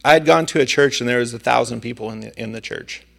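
Gravelly-voiced male preacher telling a story. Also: medium pitch, quick pace, a bit bright. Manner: storytelling with a conversational tone. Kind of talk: sermon.

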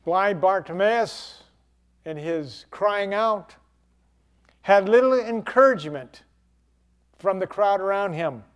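A man's voice: high-pitched, expressive, slow, pauses often, clear, resonant tone. A man preaching a sermon, acting out quoted cries in a dramatic preaching manner.

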